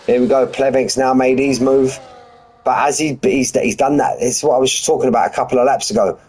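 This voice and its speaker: A man's voice: medium pitch, steady tone, brisk, a little mellow, husky, rough recording. Chatty man calling a race. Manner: chatty, rambling, jokey. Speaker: sim racing commentator. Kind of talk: live race commentary.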